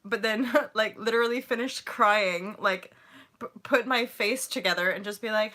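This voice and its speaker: A woman's voice: a little high, animated, moderate pace, pushed and bright. A middle-aged woman talking on a livestream in a rambling, emotional way, full of fillers and swearing and swinging between laughter and tears. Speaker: host and founder of a spiritual movement. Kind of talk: casual livestream monologue.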